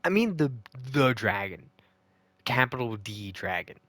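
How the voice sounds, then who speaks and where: Low-voiced dude bitching about his game, slow talker, lots of cursing. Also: sing-song, a bit bright, dry recording. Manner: ranting, profane and exasperated. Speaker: gaming video host. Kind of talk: casual game recap commentary.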